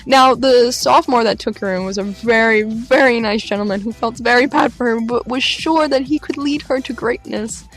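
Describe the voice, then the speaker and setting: A young woman recaps an adventure for her vlog in a lively, excited storytelling voice, pitched a little high. She jumps into the voices of the people she quotes, swinging her pitch up sharply. Soft music plays faintly behind her. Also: moderate pace, hardly any pauses. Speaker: vlogger.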